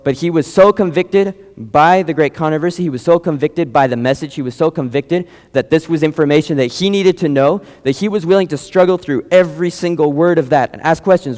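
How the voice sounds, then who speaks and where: A man's voice: a little high, a little fast, hardly any pauses, darkish tone. A young man preaching a sermon, telling mission stories in a casual, digressive way. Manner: casual, digressive, many fillers. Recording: long reverb, large hall.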